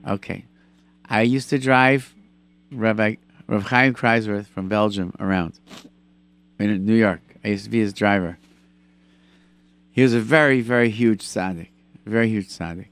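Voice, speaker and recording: A man hosting a call-in radio show, chatting with callers and telling animated stories with lots of repetition. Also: fairly low pitch, measured pace, pauses often, dry recording. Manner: animated storyteller, repeats himself for emphasis. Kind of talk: call-in radio chat and storytelling.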